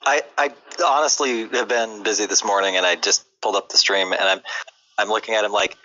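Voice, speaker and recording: Easygoing man, lowish bright voice, upbeat guest, lo-fi voice chat. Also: steady tone, fairly quick. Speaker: guest joining the stream. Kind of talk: casual chat on a game stream. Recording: dull lo-fi voice chat audio.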